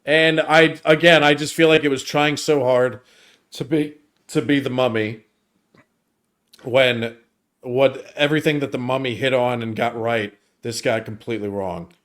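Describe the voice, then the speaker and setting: A man co-hosting a casual movie review podcast who hesitates, repeats his words and lets his voice trail off quietly. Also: mid-range voice, steady tone, unhurried. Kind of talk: casual chat.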